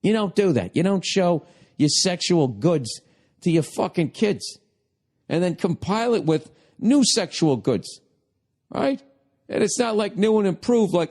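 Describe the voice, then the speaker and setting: A man's voice: sits high, sing-song, a little slow, darkish tone. A middle-aged man hosting a podcast, ranting in a profane, comedic way and slipping into mocking voices. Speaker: podcast host.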